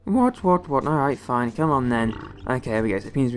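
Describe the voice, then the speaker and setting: A man's voice: mid-range voice, expressive, brisk. A young man from the West Country of England doing let's play commentary, exclaiming and grumbling at the game as he plays. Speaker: gaming video host.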